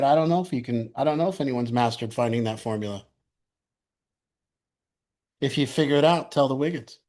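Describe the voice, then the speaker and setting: A man's voice: fairly high pitch, darkish tone. A middle-aged man leading a recovery group, telling candid stories with crude humor and laughter. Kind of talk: group sharing talk.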